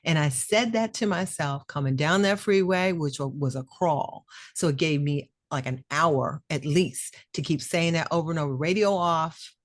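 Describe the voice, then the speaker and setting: On a podcast, a middle-aged woman who co-hosts the show tells a personal story in a fairly low voice, talking at normal speed with few pauses. She speaks casually and with feeling, acting out the people she quotes. The sound is close and dry, with no room echo.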